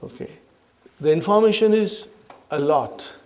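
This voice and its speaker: A man's voice: a little high, animated, unhurried, a little mellow. A man teaching an Arabic grammar lesson to a class, who repeats his questions, checks that students follow and calls them brothers and sisters. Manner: repeats questions to the class, checks understanding with "huh?" and "are you with me"; addresses listeners as brothers and sisters.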